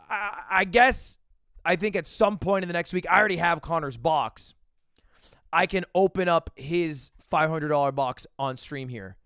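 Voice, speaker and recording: A young man livestreaming and chatting casually with his audience, telling stories in an excited, rambling way with stammering restarts and plenty of swearing. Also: a little high, clean tone, no room sound, clean studio sound. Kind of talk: casual chat with a live audience.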